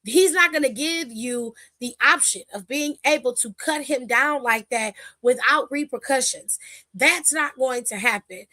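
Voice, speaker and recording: A woman hosting a wrestling recap, telling it in animated casual chat and acting out the quotes. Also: sits high, a little slow, dry recording, clean studio sound.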